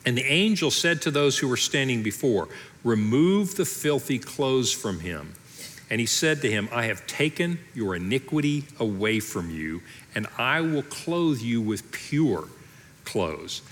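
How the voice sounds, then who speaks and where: Male pastor, mid-pitched, preaching conversationally, acting out story voices; reverberant church hall. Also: lively intonation, measured pace, a bit bright. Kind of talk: sermon. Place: church auditorium.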